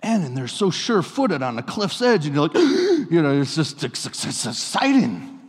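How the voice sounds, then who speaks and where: A man preaching a sermon in a relaxed, conversational way, telling stories with playful asides to his congregation. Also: a little high, moderate pace, slightly rough. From US Pacific Northwest. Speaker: pastor. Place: church sanctuary. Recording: long reverb of a church hall.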